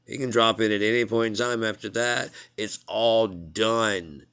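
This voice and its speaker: A man's voice: fairly low pitch, steady tone, unhurried, a bit bright, clean tone. A man in a rambling, profane casual monologue, chuckling at his own jokes.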